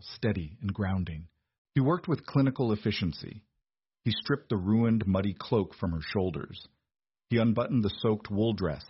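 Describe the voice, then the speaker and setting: Husky low-voiced male narrator. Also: dry recording. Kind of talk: scripted romance narration. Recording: dull, dry lo-fi recording.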